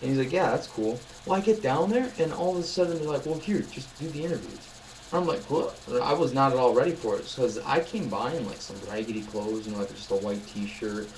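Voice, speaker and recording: A man's voice: medium pitch, fairly quick, few pauses, a little mellow, slight background noise, rough recording. A young man vlogging in a casual chat, telling rambling, upbeat stories full of fillers.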